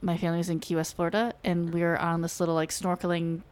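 A woman's voice: fairly low pitch, level tone, fast talker, darkish tone. A woman co-hosting a casual chat, telling a story with laughs and casual swearing. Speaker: podcast co-host.

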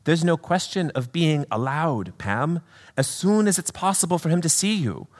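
A man voicing a gentle male spirit guide in a put-on British accent, patient and explaining. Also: a little high, expressive, normal speed, big-room sound, pitched above the performer's own voice, close to an everyday voice.

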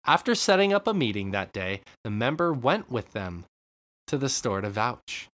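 Animated woman podcast host. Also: rumbling low, normal speed. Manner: animated, laughing. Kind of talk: casual podcast chat and narration.

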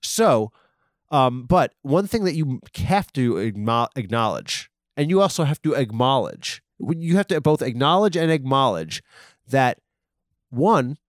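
A man rambling through a comedic monologue, swearing and breaking off his own sentences. His pitch jumps around constantly, from low mutters to high squeaks. The recording is dry and close, with no room sound. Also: no room sound. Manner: rambling, self-interrupting, swearing, mock-aggressive. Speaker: comedic podcast host.

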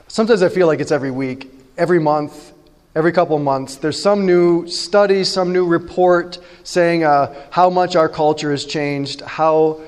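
A male pastor preaching a sermon in a conversational, animated way, joking with his congregation. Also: fairly high pitch, in a large hall.

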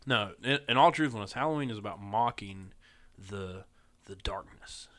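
Man, 30s, lowish voice, bright tone, dry close sound, teasing casual chat. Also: moderate pace. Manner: joking, teasing.

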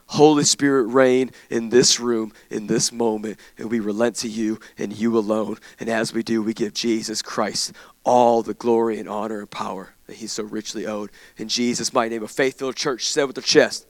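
A man's voice: medium pitch, fairly even intonation, normal speed, no room sound. A man, preaching a sermon and leading his church in fervent prayer. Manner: impassioned, builds to fervent declarations in prayer. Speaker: pastor. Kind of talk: sermon with scripture reading and prayer. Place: church sanctuary.

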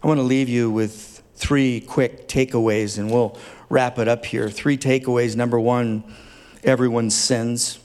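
A man's voice: medium pitch, steady tone, unhurried, darkish tone. A man preaching a sermon as a pastor, speaking earnestly and tenderly, building at times to fervent emphasis. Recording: long hall reverb.

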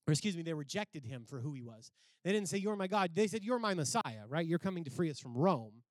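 A man with a high, light voice delivers a sermon, reading scripture and then explaining it in earnest terms. His voice climbs with emphasis at key points. The sound is close and dry, with no room around it. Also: sing-song, fast talker, no room sound. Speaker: preacher.

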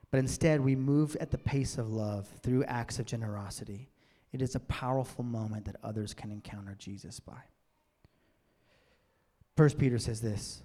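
A man preaching a sermon as a pastor in a church, swinging from loud emphatic bursts to near-whispers. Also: mid-range voice. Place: church sanctuary. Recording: long church-hall reverb.

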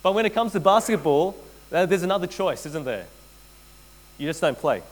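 A man preaching a sermon, earnest and direct, addressing his listeners as friends and repeating key phrases, often dropping to a hushed intensity. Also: sits high, animated, normal speed, rough recording. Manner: addresses listeners as friends, frequent tag questions. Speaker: pastor.

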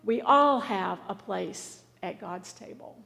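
A woman's voice: mid-range voice, expressive, takes it slowly, vocal fry, pushed and bright, a little hiss or hum. Woman preaching in a reverberant hall. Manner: earnest, pleading storytelling. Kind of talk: sermon.

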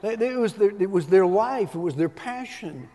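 A middle-aged male pastor preaches in a folksy, storytelling way, slipping in humor as he goes. His voice sits a touch high for a man. Long reverb trails each phrase, as in a big church hall. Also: animated, moderate pace, mellow. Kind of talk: sermon. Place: church sanctuary.

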